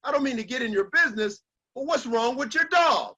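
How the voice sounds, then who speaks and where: A man's voice: very high voice, animated, a little fast, bright, forceful tone, full character voice. A man voicing a courteous passerby who asks about a moaning dog. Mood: concerned. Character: polite puzzled man passing by.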